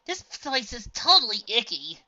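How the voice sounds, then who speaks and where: A woman voicing a whiny, excitable young pony mare in a storybook reading. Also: fairly high pitch, normal speed, dull audio, pitched above the performer's own voice, full character voice. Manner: whining, excitable.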